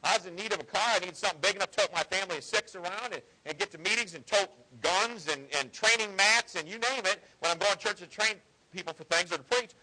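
A man's voice: high-pitched, quick pace, pushed and bright, rough recording. A man preaching a sermon in an earnest, conversational way with folksy asides. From Ohio.

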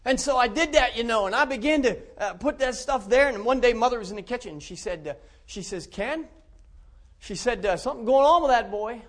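Middle-aged Pennsylvania man with a high voice, folksy church testimony, chuckles as he goes. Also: fast talker, few pauses. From central Pennsylvania. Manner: folksy storytelling, warm chuckles, many restarts. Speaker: preacher giving testimony.

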